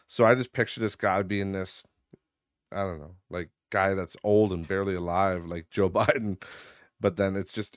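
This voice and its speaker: A man hosting a casual solo podcast, sarcastic and profane, laughing at his own jokes and getting loud and high when he rants. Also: no echo, studio quality. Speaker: podcast host.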